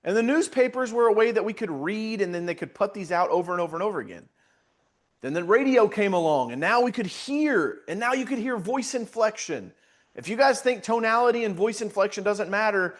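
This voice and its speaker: A man coaching business owners in a live webinar, energetic and joking, repeating points to drive them home. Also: high-pitched. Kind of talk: webinar presentation.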